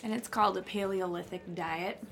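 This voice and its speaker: Chatty Minnesotan woman, gravelly edge. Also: fairly low pitch, steady tone, normal speed, fairly bright tone, soft background music. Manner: chatty, laughs often. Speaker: musician guest. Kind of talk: casual chat.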